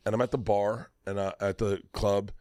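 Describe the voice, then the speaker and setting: A middle-aged man telling a long, profane story in casual podcast banter, loud and animated. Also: fairly low pitch, moderate pace, dry recording, studio quality. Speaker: podcast co-host. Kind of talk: casual storytelling among comedians.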